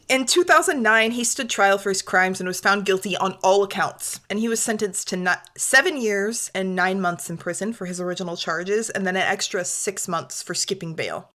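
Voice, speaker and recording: A woman's voice: mid-range voice, moderate pace, hardly any pauses, pushed and bright. A young woman co-hosting a podcast, telling a crime story in a casual, chatty way, swearing and saying "like" a lot. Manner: chatty, swears, heavy use of "like". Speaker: podcast co-host.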